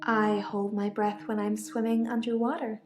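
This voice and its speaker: A woman voicing calm, odd young patient. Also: fairly high pitch, normal speed, reverberant, over music, close to an everyday voice.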